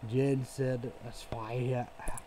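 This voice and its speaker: A man's voice: medium pitch, level tone, slow, warm tone, slight background noise, poor audio. A man ranting casually as a vlogger, rambling and profane, leaning on "you know" as filler.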